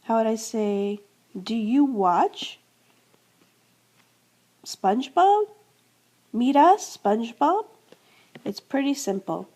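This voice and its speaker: Slow, mellow woman teaching verb endings. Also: fairly high pitch, animated. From United States. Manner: explains step by step, repeats verb endings, asks and answers her own questions. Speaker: Spanish teacher. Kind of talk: classroom-style grammar lesson.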